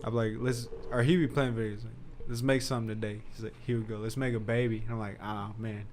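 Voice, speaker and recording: A man's voice: medium pitch, steady tone, fast, crowd noise. A young man hosting a podcast, telling loose, profane stories in casual chat and laughing often. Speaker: podcast host.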